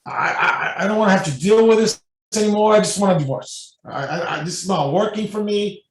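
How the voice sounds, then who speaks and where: Man retelling a fed-up woman, halting. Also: medium pitch, close to an everyday voice. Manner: halting, repeating herself. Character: exasperated woman fed up with her husband. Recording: echoey room, mic at a distance.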